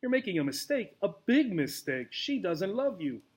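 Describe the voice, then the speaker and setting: A man's voice: sits high, big pitch swings, normal speed, husky, pitched above the performer's own voice, heavily acted. A man voicing a desperate, crippled old male mouse in a storybook reading, pleading urgently.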